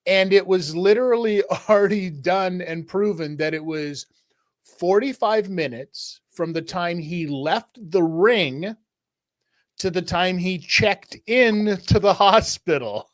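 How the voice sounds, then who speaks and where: A man hosting a boxing podcast, talking in a wry, unhurried way. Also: high-pitched, no room sound, clean studio sound. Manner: unhurried, wry, drawn-out phrasing. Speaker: podcast host. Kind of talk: casual boxing podcast chat.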